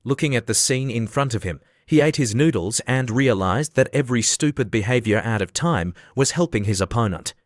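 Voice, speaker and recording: A man reads an anime recap story, voicing every character in the same even voice. His voice sits in a middle pitch. The sound is close and dry, with no room echo. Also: fairly quick, hardly any pauses. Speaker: narrator. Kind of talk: scripted recap narration.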